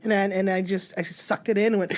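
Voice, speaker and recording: A woman chatting casually as a comedy podcast guest, telling her own story with quick asides. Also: mid-range voice, little pitch movement.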